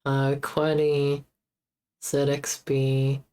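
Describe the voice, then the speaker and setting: A woman streaming as she debugs her game, muttering to herself in a halting, casual way. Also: rumbling low, monotone, warm tone, clear, resonant tone. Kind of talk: casual live-stream coding commentary.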